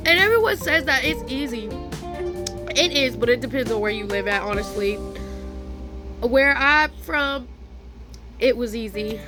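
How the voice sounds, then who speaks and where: A woman's voice: fairly high pitch, animated, measured pace, long pauses, music in the background. A young woman telling a casual storytime vlog, chatty and slangy, laughing often. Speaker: vlogger. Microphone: phone.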